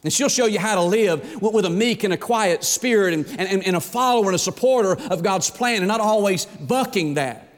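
A man's voice: high voice, lively intonation, a little fast, few pauses. A man preaching a sermon as pastor, folksy and emphatic, asking the congregation rhetorical questions. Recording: echoey hall reverb.

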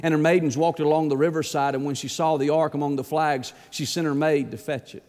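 A man's voice: on the high side, fairly even intonation, brisk. Impassioned male preacher in a reverberant hall. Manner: impassioned preaching, dropping to a hushed plea; repeats words as he builds momentum. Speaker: pastor. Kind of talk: sermon.

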